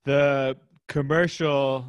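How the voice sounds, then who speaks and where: A man hosting an interview podcast, talking in a chatty, relaxed way with plenty of fillers. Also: mid-range voice, drawn-out words, clean tone, dry recording, dull audio. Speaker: podcast host.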